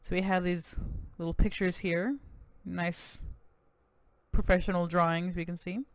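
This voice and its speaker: A let's-play host giving casual, chatty commentary with quick self-deprecating asides. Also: mid-range voice, flat delivery, smooth, dry recording.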